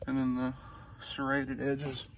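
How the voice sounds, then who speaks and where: A man's voice: medium pitch, slow pace, background noise. A man giving a casual, rambling review of his truck hitch outdoors, with lots of ums and y'all. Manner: relaxed, rambling, many "um"s and "y'all".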